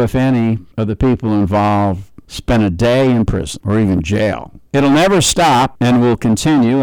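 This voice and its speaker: A man's voice: medium pitch, a little mellow, no room sound, low-quality recording. A middle-aged American man giving a political talk, emphatic and repeating words for stress. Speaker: speaker.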